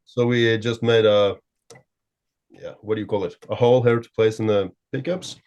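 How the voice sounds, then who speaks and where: Man, low voice, casual gear chat, halting, lots of fillers, video call. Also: fairly even intonation, a little mellow, muffled recording. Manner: halting, searches for words, many fillers. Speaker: guest guitarist.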